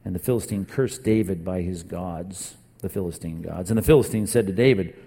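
A man preaching a sermon as a pastor, retelling a story with lively acted-out dialogue and casual asides. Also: low voice, brisk, husky. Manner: animated storytelling, acting out dialogue. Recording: long hall reverb.

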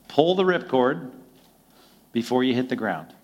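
A man's voice: medium pitch, lively intonation, unhurried, lo-fi sound, slight background noise. A male pastor preaching a conversational sermon, often acting out quoted dialogue in other voices.

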